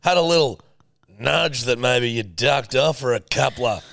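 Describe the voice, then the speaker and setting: A man's voice: medium pitch, moderate pace, vocal fry, fairly bright tone, no echo. A young man co-hosting a podcast while hungover, dry and mocking, swearing freely in casual banter. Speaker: podcast co-host.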